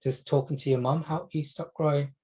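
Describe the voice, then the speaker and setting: Brief: man as a gentle GP, soft-spoken, probing questions, in a training role-play. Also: a little high, fairly even intonation, moderate pace, breathy edge. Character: calm, patient GP doctor consulting.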